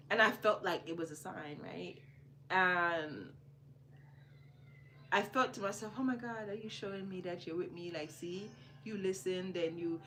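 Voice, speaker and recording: A woman from Jamaica hosting a podcast, telling a personal story in a casual, animated way and repeating phrases for emphasis. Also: low voice, a little hiss or hum. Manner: animated, repeats phrases for emphasis, swings between hushed and loud. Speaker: podcast host.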